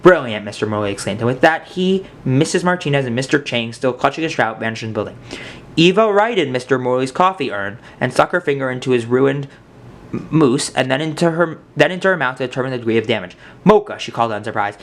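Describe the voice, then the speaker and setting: A man reads a children's picture book aloud, narrating with lively, expressive storytelling. He leans into the dramatic moments with rising energy, in the middle of a man's pitch range. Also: quick pace.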